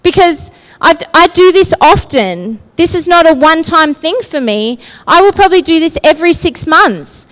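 A woman's voice: extremely high pitch, expressive, normal speed, hardly any pauses, a bit bright, low-quality recording. A woman giving a sermon in a conversational way, often asking her listeners "right?" and "yeah?". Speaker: preacher.

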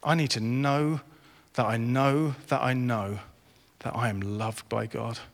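A man's voice: mid-range voice, steady tone, measured pace, vocal fry. A man in his forties preaching a sermon, earnest and rising to impassioned. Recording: reverberant hall.

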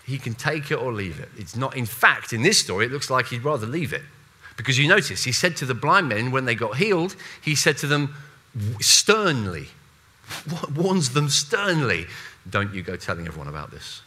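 Guy preaching, really bright voice, bouncy pitch, chatty with jokey asides. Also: moderate pace. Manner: animated, conversational, with playful asides and voiced quotes. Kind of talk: sermon.

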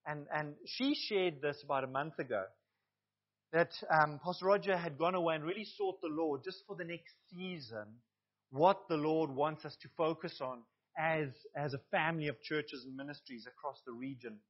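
A man's voice: fairly high pitch, normal speed, highs cut off. A male pastor preaching a sermon to his congregation, earnest, with asides to the listeners.

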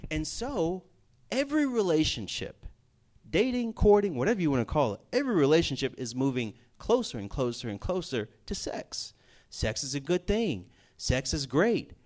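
A man preaching a sermon to a live audience in an animated, emphatic way, repeating his points for stress. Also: high voice.

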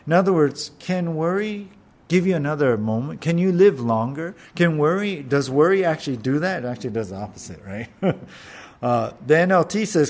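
A man giving a conversational sermon, laughing often, asking his listeners questions and slowing down to stress scripture. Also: fairly high pitch, lively intonation. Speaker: pastor.

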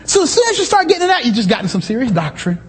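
A man preaching in a church with an unusually high, slightly husky voice. His pitch leaps around as he talks, casual asides breaking into shouted emphasis. A long reverb from the room trails behind every phrase. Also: big pitch swings, very fast. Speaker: pastor. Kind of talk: sermon. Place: church sanctuary.

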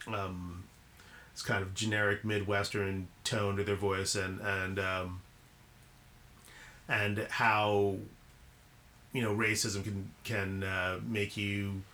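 A man co-hosting a film podcast, talking in a casual, halting way with many ums and restarts. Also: fairly low pitch, flat delivery, bright, forceful tone. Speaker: podcast co-host.

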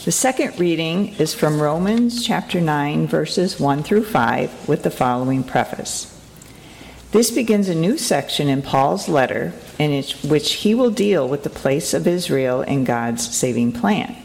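A woman reads scripture to a congregation, giving each line measured, expressive weight. Her voice is low and has a gravelly edge. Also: a little hiss or hum, poor audio. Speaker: lector. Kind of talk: scripture reading. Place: church sanctuary.

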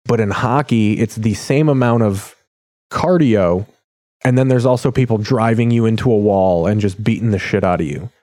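A man's voice: lowish voice, moderate pace, dark tone, no echo. A man hosting a podcast, chatting loosely and jokingly while flipping through channels, rambling and swearing. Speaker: podcast host. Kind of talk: casual chat while channel surfing.

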